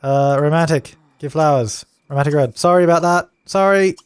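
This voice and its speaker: A man's voice: fairly high pitch, moderate pace, clear, resonant tone, dry recording, studio quality. A young man casually commenting on a life-sim game while he plays, chatty and easily exasperated, laughing at its mishaps. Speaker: let's play gamer.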